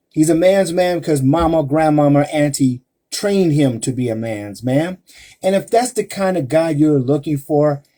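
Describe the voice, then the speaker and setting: A man giving relationship advice over a live stream, his voice mellow and a little husky. He takes his time, pressing each point with emphasis and rhetorical questions aimed straight at the women listening. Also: a little high. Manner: addresses women listeners directly.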